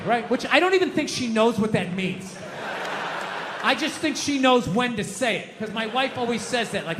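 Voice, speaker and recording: A man's voice: very high-pitched, expressive, moderate pace. A middle-aged man performing stand-up comedy, swearing a lot and acting out his own outbursts. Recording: reverberant hall, faint noise.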